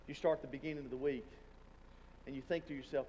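Pastor preaching in a reverberant hall. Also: male voice, medium pitch, fairly even intonation, quick pace, long pauses, darkish tone. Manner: earnest, conversational preaching with acted-out prayers. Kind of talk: sermon. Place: church sanctuary. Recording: long hall reverb, faint room noise.

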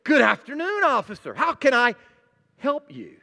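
A man's voice: very high voice, huge pitch swings, normal speed, creaky, sharp tone, heavily acted. A man voicing a naive, overly polite male driver who pleads and apologizes. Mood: pleading. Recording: long hall reverb.

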